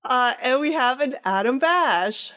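A woman with a high voice chats on a gaming podcast. She is bubbly and teasing, quick to giggle. She sounds like a casual co-host. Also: expressive, bright, forceful tone.

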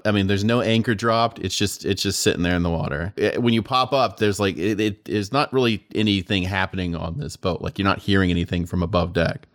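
Man as game master, halting narration, frequent fillers, dry close sound. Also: deep voice, fairly even intonation, no echo. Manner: hesitant, many fillers and restarts.

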